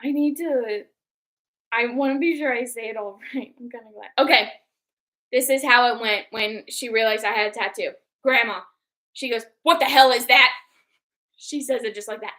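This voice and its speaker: A woman's voice: on the high side, moderate pace. A young woman co-hosting a book club livestream, chatting casually and acting out quotes as she tells stories. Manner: animated storyteller who acts out quotes.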